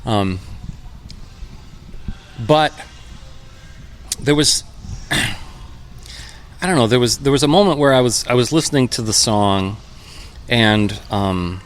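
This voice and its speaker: A man in his fifties, a musician guest, talking in a relaxed, reflective way with many pauses and fillers, in a brewpub. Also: on the low side, slight background noise. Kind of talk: relaxed conversational interview. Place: brewpub restaurant.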